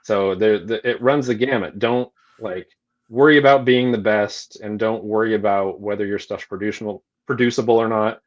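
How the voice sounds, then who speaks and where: A man's voice: lowish voice, fairly even intonation, normal speed, highs cut off. A man talking through a video call as a guest, thoughtful and modest, with many fillers. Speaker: guest toy sculptor. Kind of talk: casual chat.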